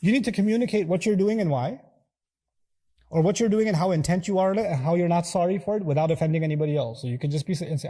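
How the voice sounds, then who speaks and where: A man gives a religious lesson as a preacher, earnest and emphatic, stacking up lists of qualities and acting out back-and-forth exchanges in shifting voices. His voice sits a little high but stays mellow and warm. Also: fast. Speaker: preacher and teacher.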